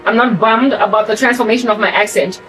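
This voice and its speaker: A woman's voice: mid-range voice, quick pace, fairly bright tone, recorded from a distance, faint music behind, poor audio. A woman in her forties from South Africa, her accent mixed with American sounds, delivering an emphatic, rambling monologue full of restarts. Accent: South African with American influence. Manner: rambling, emphatic, self-correcting. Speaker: channel host. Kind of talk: ranting monologue.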